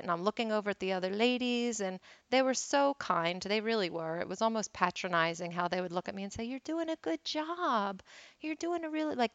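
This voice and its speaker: A woman's voice: mid-range voice, fairly bright tone, clean tone, no room sound, dull audio. Candid self-deprecating woman storyteller. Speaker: wellness teacher and host. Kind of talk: personal storytelling talk.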